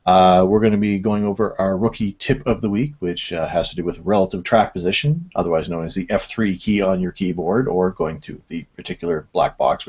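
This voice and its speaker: A man hosts a casual online racing-sim radio show, chatting in a rambling, self-deprecating way. His pitch swings widely and animatedly. The audio is dull and lo-fi. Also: a little mellow, breathy edge. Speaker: host.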